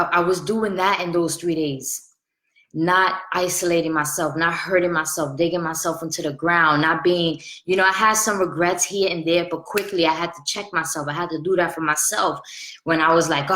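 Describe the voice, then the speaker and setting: A woman's voice: on the low side, a bit bright. Earnest woman in her thirties, echoey room. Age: 30s. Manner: earnest and conversational, repeats phrases for emphasis. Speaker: spiritual life coach. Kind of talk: casual motivational talk.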